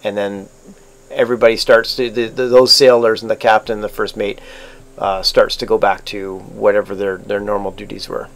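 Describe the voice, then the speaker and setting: Low-voiced man running a tabletop game. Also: level tone. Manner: halting, many fillers and restarts. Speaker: game master. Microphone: online voice chat.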